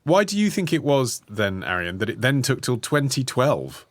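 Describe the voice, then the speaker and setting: A man co-hosts a history chat, asking his guests pointed questions with audible indignation. His pitch rises and falls animatedly as he talks. The sound is dry and close, with no room around it. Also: sing-song, normal speed, no echo. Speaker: podcast co-host. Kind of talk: casual history podcast chat.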